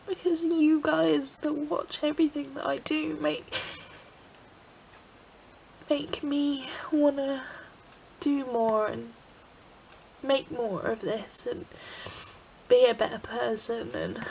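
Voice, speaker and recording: A woman vlogger speaking softly and haltingly in a heartfelt confession, near tears, drifting into whispers. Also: high-pitched, fairly even intonation, creaky, slight background noise, poor audio. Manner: soft, halting, drops into whispers.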